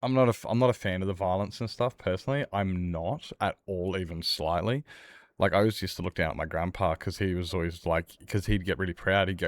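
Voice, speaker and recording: A man's voice: sits low, steady tone, a little fast, no echo. A young man streaming a game, chatting casually with chat in a rambling, blunt way and swearing freely. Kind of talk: casual chat while gaming.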